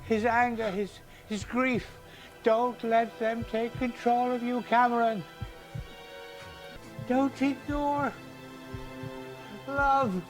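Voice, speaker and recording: An actress playing an earnest young woman who softly and urgently pleads with her boyfriend in a TV drama clip. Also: fairly high pitch, fairly even intonation, slow pace, long pauses. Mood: pleading. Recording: TV clip over music.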